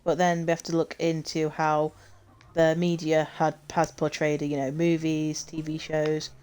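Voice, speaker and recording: A woman's voice: sits low, monotone, moderate pace, a little mellow, clean tone. A young woman streaming a game, chatting casually in a rambling way and often correcting herself. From United Kingdom. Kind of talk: casual chat while gaming.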